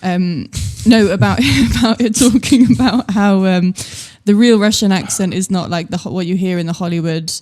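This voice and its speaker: A woman's voice: medium pitch, normal speed, few pauses, darkish tone. A woman comedian as a podcast guest in casual chat, playful with dry teasing jokes.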